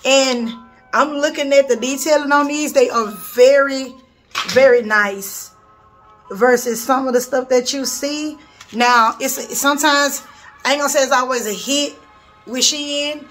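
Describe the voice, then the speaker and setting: A woman with a high voice chats through a beauty haul while seated at her home bathroom vanity. She gushes over each item and keeps calling the viewers y'all. A faint music bed plays underneath. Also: steady tone, normal speed, fairly bright tone. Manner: chatty, gushing, keeps addressing viewers as y'all. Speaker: beauty vlogger reviewing a nail haul. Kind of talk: casual haul video chat.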